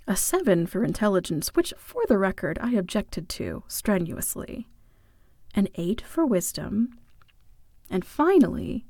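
A woman narrating a first-person story in a wry, playful way, dropping into soft whispered asides. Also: medium pitch, no room sound, studio quality.

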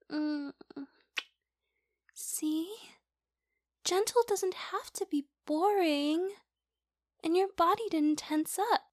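A woman in a whispered role-play as a girlfriend, giggly and teasing, speaking softly into a close mic. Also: very high-pitched, drawn-out words, pauses often, dry recording. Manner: giggly, teasing, soft-spoken.

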